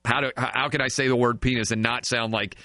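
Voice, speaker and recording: A man's voice: mid-range voice, fairly even intonation, quick pace, sharp tone, no room sound. Sarcastic male sports radio host. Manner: sarcastic, riffing, mock-outraged. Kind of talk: radio talk show monologue.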